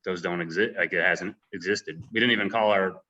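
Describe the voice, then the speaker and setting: A man's voice: deep voice, a little fast, lo-fi sound. A man on a video call, talking casually with many fillers and restarts. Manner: hesitant, filler-heavy, relaxed. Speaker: head distiller. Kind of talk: casual panel talk.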